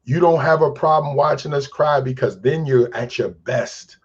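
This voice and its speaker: A man's voice: mid-range voice, normal speed, lo-fi sound. A man speaking in an interview as a crisis specialist and mentor, telling stories and preaching about feelings with acted-out quotes. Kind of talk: earnest interview talk.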